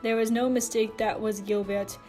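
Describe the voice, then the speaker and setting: A woman reading fan fiction aloud, expressive, with sarcastic asides. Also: fairly high pitch, normal speed, faint music behind. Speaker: reader.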